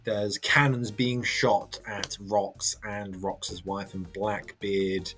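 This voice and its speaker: A man casually reading and reacting to a manga chapter, chatty and halting with lots of fillers. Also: lowish voice, little pitch movement, a bit bright. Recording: faint background music.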